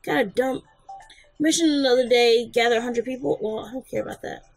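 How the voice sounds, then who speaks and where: A woman's voice: on the high side, fairly quick, soft background music, low-quality recording. A woman giving casual, blunt gameplay commentary, joking and swearing freely. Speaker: let's play host.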